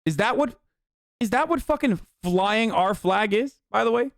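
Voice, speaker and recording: A man's voice: high voice, lively intonation, normal speed, vocal fry, no echo, clean studio sound. Angry profane man ranting on stream. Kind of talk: heated political commentary.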